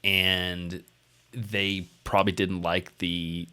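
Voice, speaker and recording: A man's voice: deep voice, flat delivery, slow pace, sharp tone, clear, resonant tone. A man co-hosting a casual discussion, rambling and restarting his sentences often. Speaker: podcast co-host.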